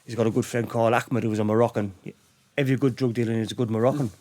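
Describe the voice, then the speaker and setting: A man's voice: mid-range voice, steady tone, rapid-fire, darkish tone. A middle-aged man, a podcast guest telling crime stories in a casual, rambling way, repeating his words. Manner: rambling, repeats words, acts out quoted dialogue. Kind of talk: casual true-crime storytelling.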